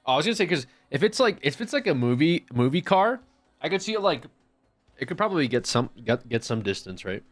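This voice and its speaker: A man's voice: a little high, big pitch swings, quick pace, no echo, faint music behind. A man streaming live, chatting casually and rambling with profane jokes to his chat.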